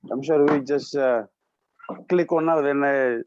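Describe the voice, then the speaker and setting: A man's voice: medium pitch, measured pace, darkish tone, no echo. A man joining a webinar as a guest, greeting everyone in a friendly, casual way. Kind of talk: casual greeting on a video call. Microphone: video call. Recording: muffled lo-fi video call audio.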